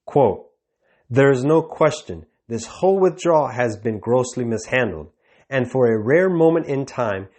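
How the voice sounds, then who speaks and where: A man reading a scripted religious news report in a measured, even tone. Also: mid-range voice. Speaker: news presenter.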